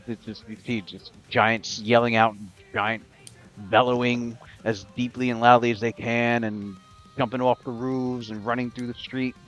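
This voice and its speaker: A man's voice: medium pitch, fairly bright tone, lo-fi sound. A man running a tabletop game as game master, narrating the scene and working out damage aloud with many fillers.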